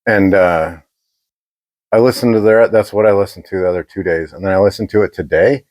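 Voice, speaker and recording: A man's voice: low voice, fairly even intonation, brisk, darkish tone, no echo. A man co-hosting a podcast, telling a rambling, profane story in casual chat. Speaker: podcast co-host.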